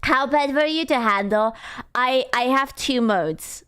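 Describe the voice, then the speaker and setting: A woman's voice: high voice, a little slow, fairly bright tone, smooth. A woman streamer chatting casually with her viewers, playful, swearing freely and laughing often.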